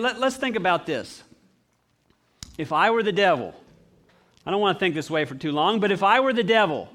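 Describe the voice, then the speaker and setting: A man preaching a sermon, telling stories and acting out voices. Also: fairly high pitch. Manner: animated storyteller acting out voices.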